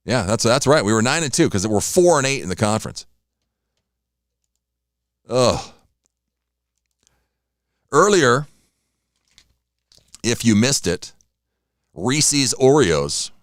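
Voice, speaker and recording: A man's voice: mid-range voice, expressive, takes it slowly, long pauses, no echo, clean studio sound. A man hosting a morning radio show, chatting casually on his own, rambling between sports scores and snacks. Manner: rambling, chatty, talks while eating. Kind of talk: casual solo radio talk.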